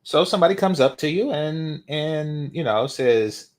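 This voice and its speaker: A man's voice: a little high, animated, measured pace, few pauses. A man reacting to a video, mocking and emphatic, repeating his points for effect. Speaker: reaction commentator.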